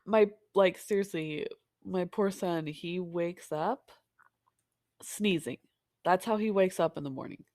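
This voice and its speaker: A woman's voice: fairly low pitch, slow, dry recording, clean studio sound. A woman in her thirties co-hosting a podcast, chatting casually with a stuffy, nasal voice from allergies and acting out family moments as she tells stories. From Oregon, US. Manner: animated storytelling, acting out family quotes. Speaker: podcast co-host. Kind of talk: casual chat.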